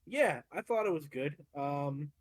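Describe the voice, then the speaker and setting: A man's voice: on the high side, lively intonation, a little slow, no echo. A man co-hosting a podcast, giving laid-back opinions on a wrestling match with lots of hedging and some swearing. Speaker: podcast co-host. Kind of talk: casual chat recapping wrestling.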